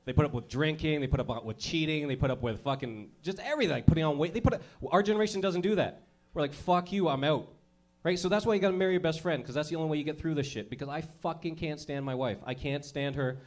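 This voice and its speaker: Brash, profane stand-up comic, high voice. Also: male voice, quick pace, few pauses, a little mellow. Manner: profane, brash, laughing at his own jokes. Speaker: stand-up comedian. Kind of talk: stand-up comedy with crowd work.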